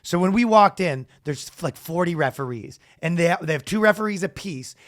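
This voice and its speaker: Podcast co-host, man, high lively voice, comic storyteller who shouts his impressions. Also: a little fast, no room sound, studio quality. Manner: animated, acts out announcers with loud shouted quotes. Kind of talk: casual comedic storytelling.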